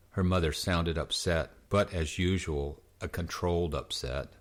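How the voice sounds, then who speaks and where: Deep-voiced man reading a novel. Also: fairly even intonation, normal speed, hardly any pauses. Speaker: audiobook narrator. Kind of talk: scripted narration.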